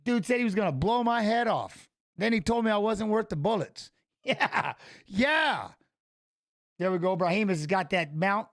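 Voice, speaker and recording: High-voiced blunt man calling fights. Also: expressive, moderate pace, a bit bright. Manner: blunt and profane, mixing call-outs with life stories. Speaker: watch-along host. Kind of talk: casual live fight commentary and storytelling.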